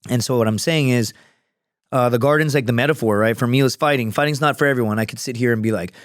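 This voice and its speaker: A man's voice: mid-range voice, fast, no room sound, clean studio sound. Rambling, profane man telling a story. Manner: profane, rambling, many fillers. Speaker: podcast guest, former Marine and fighter. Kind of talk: casual storytelling conversation.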